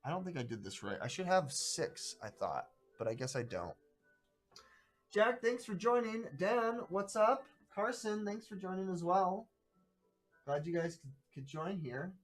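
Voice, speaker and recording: A man hosting a live stream of a tabletop adventure, chatting casually and a little haltingly. His voice sits somewhat high. Faint music plays behind him. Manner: rambling, halting, greets viewers by name. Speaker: host playing a solo adventure on stream.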